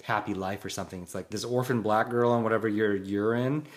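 A man with a lowish voice co-hosts a casual film discussion. He chimes in with cast names and quick side comments. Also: steady tone. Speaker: co-host. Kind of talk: casual chat.

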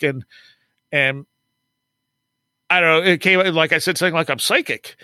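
A man's voice: a little high, moderate pace, pauses often, sharp tone, no echo. A man guest on an interview podcast, telling stories casually, acting out quoted dialogue and laughing often. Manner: chatty, acts out quoted dialogue, frequent laughs. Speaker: podcast guest, author and paranormal researcher.

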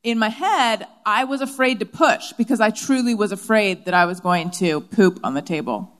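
A woman hosting a live comedy podcast on stage before an audience, candid and quick to laugh. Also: mid-range voice, big-room sound. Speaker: podcast host.

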